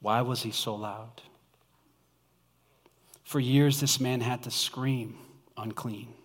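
A man preaching a sermon to his church, swinging from shouts down to whispers. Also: medium pitch, steady tone, slow, in a large hall. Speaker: pastor.

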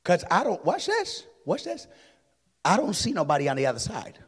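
A man preaching as an evangelist, telling a story dramatically, swinging from hushed tones to shouts. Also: sits high, huge pitch swings, moderate pace, husky. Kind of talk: sermon storytelling. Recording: long hall reverb.

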